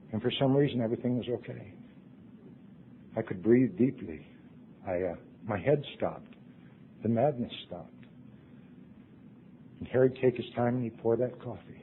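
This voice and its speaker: Man, middle-aged, husky, earnest testimony, loud then hushed, tinny old tape recording. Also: medium pitch. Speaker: recovery meeting speaker. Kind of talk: personal testimony talk to a convention audience.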